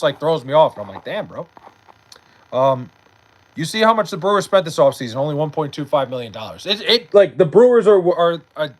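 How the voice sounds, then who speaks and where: A man's voice: on the high side, rough recording. A young man chatting casually on a late-night livestream, reading chat aloud and bantering with loose, profane talk. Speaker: live streamer.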